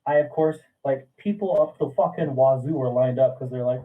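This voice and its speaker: A man telling a profane, animated story in casual podcast chat. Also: medium pitch, fairly quick. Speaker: podcast guest. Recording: distant, phone-like sound.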